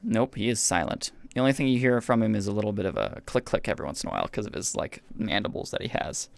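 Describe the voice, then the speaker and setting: A man's voice: lowish voice, sing-song, fast talker, gravelly, dry recording. A man running a tabletop game as game master, explaining the rules patiently in an easygoing way.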